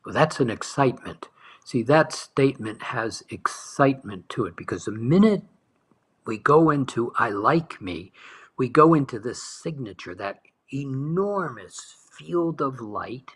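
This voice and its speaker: A man with a husky, breathy voice guides listeners through a meditation-style talk. He speaks gently and unhurriedly, drawing out key words and now and then sinking into a near whisper. His pitch sits in an ordinary middle range. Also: lively intonation. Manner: soft, slow, dwelling on words, dropping to whispers. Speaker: spiritual teacher.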